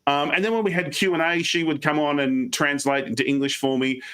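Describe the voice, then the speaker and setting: An Australian man giving online presentation tips on a video call, fast and animated, slipping into quick mock voices. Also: on the high side, smooth. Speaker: guest speaker.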